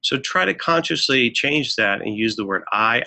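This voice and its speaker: A man with a bright, forceful tone gives a webinar talk on marriage to couples. He speaks in an earnest, instructive way, with a mid-range pitch, and often pauses with "uh" and "um" as he moves through his slides. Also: lively intonation, gravelly. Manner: earnest, instructive, frequent fillers. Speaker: marriage counselor presenting a webinar. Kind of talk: webinar presentation. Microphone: webinar microphone.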